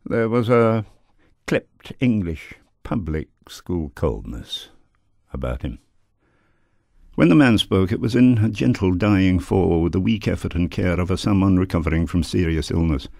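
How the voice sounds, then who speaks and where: A man reading his own literary memoir aloud in a measured, dramatic way. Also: deep voice, animated, gravelly, a little mellow, no echo, studio quality.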